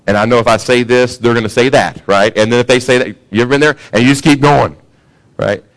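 A pastor preaching a sermon in a casual, conversational way, often asking the congregation questions. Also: male voice, mid-range voice, steady tone, fast. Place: church sanctuary.

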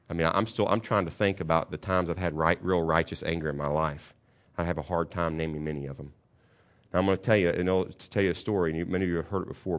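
A middle-aged man, a pastor, preaching a sermon and telling a story, going from calm teaching to loud bursts. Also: sits low.

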